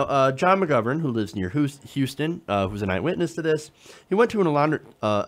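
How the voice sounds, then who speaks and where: Animated, sarcastic talk-show host. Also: male voice, medium pitch. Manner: animated, sarcastic, reads quotes aloud with commentary; frequent fillers and chuckles. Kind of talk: political commentary talk show.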